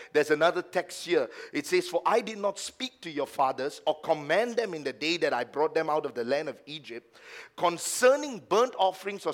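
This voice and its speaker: A man preaching a sermon as pastor at a church service, swinging from hushed low asides to loud, emphatic passages and mocking the excuses of doubters. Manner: acts out the lines of doubters in a mocking tone.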